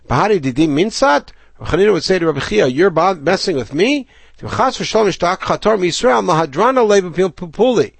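In a dry recording, a man whose gravelly voice sits on the high side leads a Talmud class. He reads passages in Aramaic and then explains them in English, often starting his sentences over.

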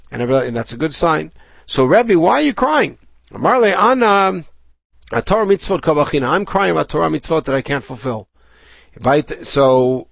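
A man's voice: fairly high pitch, gravelly, no room sound. A man teaching a Talmud class, reading Aramaic passages aloud and then explaining them in English with frequent restarts.

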